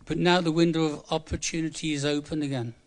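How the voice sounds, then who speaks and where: A seventy-five-year-old Englishman, a preacher in his 70s, gives a humorous, conversational sermon in church and repeats words for emphasis. His voice is fairly high, with little pitch movement, and he speaks fast.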